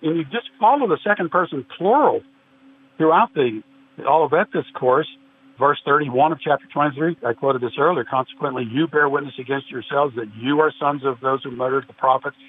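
A man's voice: on the high side, fairly quick. A man guest in a religious discussion, earnestly explaining and quoting scripture at length. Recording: tinny phone-like line with faint hiss.

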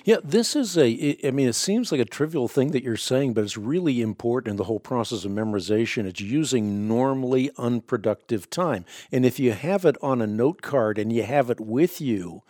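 A man's voice: medium pitch, animated, moderate pace, few pauses, darkish tone, no room sound, studio quality. Earnest, emphatic male radio host. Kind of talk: radio interview and promo reading.

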